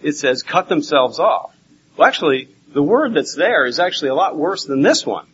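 A man preaching a Bible teaching sermon, animated and swinging between loud and hushed. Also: fairly high pitch, normal speed, a little hiss or hum. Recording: dull lo-fi recording with faint ambience.

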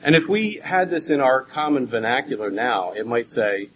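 A man preaching a Bible teaching sermon, animated and swinging between loud and hushed. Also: medium pitch, moderate pace, a little hiss or hum. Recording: dull lo-fi recording with faint ambience.

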